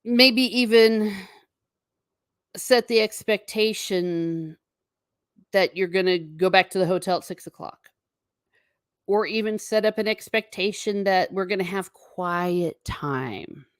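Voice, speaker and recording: A woman hosting a casual livestream from home, chatting with viewers in a wandering way and breaking off into quick asides to herself. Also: medium pitch, no echo, clean studio sound. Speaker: livestream host.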